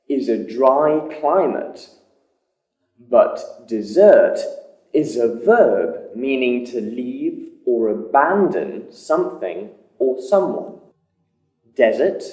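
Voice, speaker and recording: A man teaching pronunciation in a scripted lesson, speaking slowly and stressing his words with care. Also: mid-range voice, warm tone. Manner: slow, deliberate delivery with careful emphasis. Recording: roomy echo.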